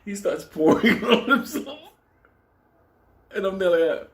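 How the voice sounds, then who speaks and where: A man from Puerto Rico shares a wild club story, cracking himself up frequently as he tells it in a casual, profane, funny way. His voice sits high with lively intonation and a slow pace, recorded with a roomy echo and faint ambience.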